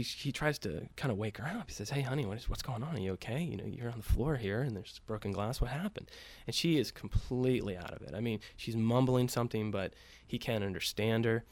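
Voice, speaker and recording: A man with a mid-range voice tells a story casually, with no echo, using loose profane talk and many fillers while lightly acting out the quoted lines.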